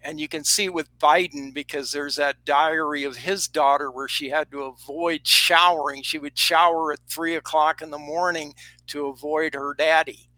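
This is a man with a fairly high, bright and tense voice, recorded dry in a studio. He co-hosts and rambles, stacking one claim on top of the next. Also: steady tone, no echo, poor audio. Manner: rambling, rapid-fire claims. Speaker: co-host. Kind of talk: casual chat.

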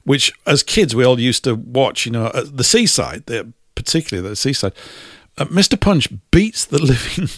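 Chatty man with lively pitch. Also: moderate pace, no room sound, studio quality. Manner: chatty, laughs often, reads viewer comments. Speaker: host. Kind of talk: casual podcast chat.

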